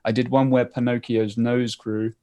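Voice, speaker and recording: Man, guest developer, casual rambling explanation, mid pitch, lots of filler words. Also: flat delivery, normal speed, mellow, lo-fi sound. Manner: rambling, many fillers and restarts.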